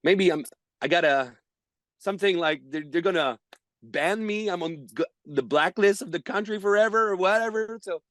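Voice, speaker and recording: Guy in his 30s, kinda high voice, acts out all the dialogue, dry close sound. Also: moderate pace, dry recording. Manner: animated storyteller, acts out dialogue, laughs often. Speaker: guest baseball performer. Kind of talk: storytelling in a podcast interview.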